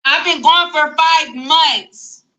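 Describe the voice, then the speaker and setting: A woman chatting casually on a livestream, excited and gushing, repeating words as she greets viewers. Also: high voice, takes it slowly, highs cut off.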